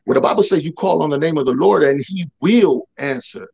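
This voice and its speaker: A man who talks loud by nature, a podcast guest telling a personal testimony in casual slang and acting out the dialogue. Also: a little high, a little fast, vocal fry, husky, dull audio. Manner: loud, animated, acts out quoted dialogue.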